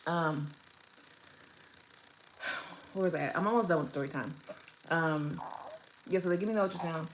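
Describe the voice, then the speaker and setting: Low-voiced young woman telling a storytime. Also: moderate pace. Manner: chatty, rambling with many fillers and restarts. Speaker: new mother telling her birth story. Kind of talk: casual storytime vlog. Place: room at home with her baby. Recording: echoey room, faint background noise.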